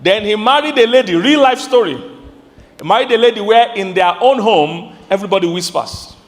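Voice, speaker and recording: A Nigerian man preaching a sermon as pastor, animated, with sudden high outbursts and questions to his congregation. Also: normal speed, in a large hall.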